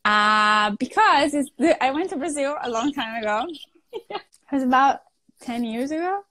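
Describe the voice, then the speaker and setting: A woman's voice: sits high, animated, normal speed, fairly bright tone. A woman with an Italian accent, chatting and giggling on a live video call. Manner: giggly, self-deprecating.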